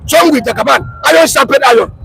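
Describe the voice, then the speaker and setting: A man with a Nigerian Pidgin English accent arguing politics loudly and insistently on a street, talking over interruptions. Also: extremely high pitch, fast talker, gravelly, crowd noise, background noise. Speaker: street debater. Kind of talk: heated street political debate.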